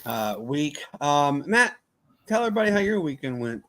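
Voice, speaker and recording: A man co-hosting a casual sports podcast, loose and excitable, full of fillers and restarts. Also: a little high, moderate pace. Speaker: podcast co-host.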